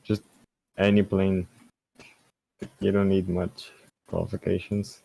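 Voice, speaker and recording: Gravelly low-voiced man on voice chat. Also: level tone, slow pace, warm tone, poor audio. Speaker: fellow player. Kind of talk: casual voice chat.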